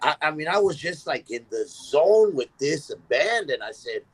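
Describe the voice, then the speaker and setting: A man, a musician guest on a podcast, telling a story in an animated way and acting out the voices of the people in it. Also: on the high side, normal speed, husky, low-quality recording. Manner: animated, acts out quoted voices in his stories.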